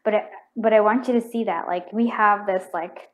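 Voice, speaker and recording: A woman does a pick-a-card tarot reading in a loose, rambling style full of fillers and restarts, murmuring repeated questions to herself as she draws cards. She gets excitable and bursts out when a card confirms her read. Her voice is medium-pitched and moderately paced, and the audio is poor.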